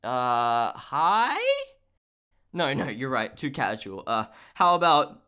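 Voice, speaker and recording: A young man in his late teens narrating a comedic storytime as a YouTube animator, sarcastic and animated, jumping from mock-dramatic shouts to low mumbled asides. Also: slow, smooth. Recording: background music under voice.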